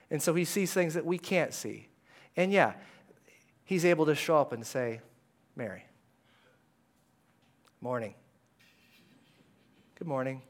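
A male pastor giving a conversational, animated sermon in a church, at times dropping to a hush. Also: on the high side. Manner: conversational and animated, dropping to hushed tones for quoted words. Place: church sanctuary.

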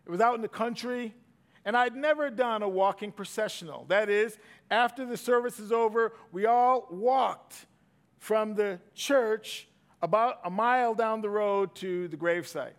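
A middle-aged man preaching a sermon, swinging from loud emphatic bursts to hushed asides. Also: high-pitched, measured pace. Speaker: pastor.

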